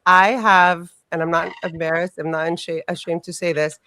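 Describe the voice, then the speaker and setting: A woman co-hosting a casual podcast, telling stories in a rambling, animated way and swearing freely. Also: fairly low pitch, moderate pace, no echo. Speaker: podcast co-host. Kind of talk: casual storytelling chat.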